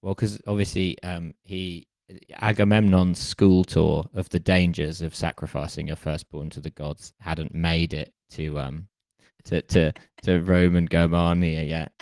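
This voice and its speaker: A man's voice: low-pitched, level tone, measured pace, darkish tone, no echo. A man co-hosting a podcast, chatting casually with wry, jokey asides. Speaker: podcast co-host. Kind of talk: casual chat.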